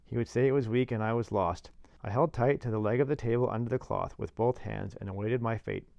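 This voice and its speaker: A man narrates a classic novel at a mid pitch, steady and clear. He drops in dry, wry asides, and the recording is dry and close with no room sound. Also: brisk, dry recording, muffled recording. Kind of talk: reading a classic novel aloud.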